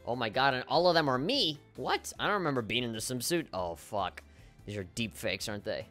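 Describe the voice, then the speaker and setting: A young man hosting a gaming video, who chats casually, jokes and swears, and reads the game's lines aloud with sudden jumps up in pitch. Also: lively intonation, a little fast, fairly bright tone, soft background music. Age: young adult. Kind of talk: casual game commentary, reading dialogue aloud.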